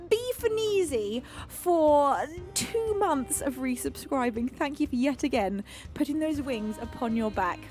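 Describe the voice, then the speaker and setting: Gushing high-voiced British woman streamer. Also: animated, unhurried, few pauses, darkish tone, faint music behind. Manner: effusive and affectionate, reading out chat names. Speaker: streamer and singer. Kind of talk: live stream chat greeting viewers.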